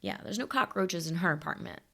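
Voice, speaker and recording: A woman co-hosting a podcast, talking casually with a slightly low voice. She agrees readily and playfully quotes lines. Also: lively intonation, brisk, vocal fry, bright, forceful tone. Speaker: podcast co-host. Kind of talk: casual chat.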